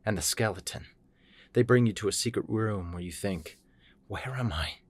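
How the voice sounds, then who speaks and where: A man reads a short horror story aloud, telling it in a plain second-person voice. His pitch sits very low. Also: normal speed. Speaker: narrator.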